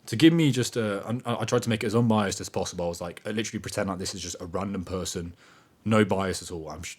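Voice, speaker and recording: A podcast host, sitting low, delivers a casual motivational monologue. He is animated and emphatic and swears freely.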